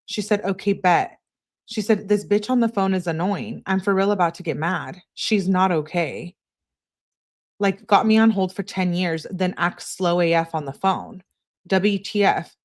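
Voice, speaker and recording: Low-voiced woman reading texts aloud. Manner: plain reading, spells out abbreviations letter by letter. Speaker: true crime channel host. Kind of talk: reading text messages aloud.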